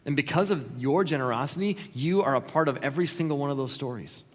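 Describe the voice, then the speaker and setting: Earnest pastor preaching in a reverberant hall. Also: male voice, medium pitch, fast talker. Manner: earnest, conversational, acts out quoted prayers. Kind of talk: sermon. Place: church auditorium. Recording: long reverb of a church hall.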